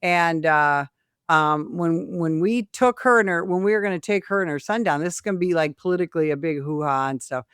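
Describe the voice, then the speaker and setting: This woman, a retired Illinois police sergeant, speaks briskly in a fairly low, clean-toned voice with no room sound and studio quality. Recounting a story during a casual interview, she performs the quoted voices as an animated storyteller.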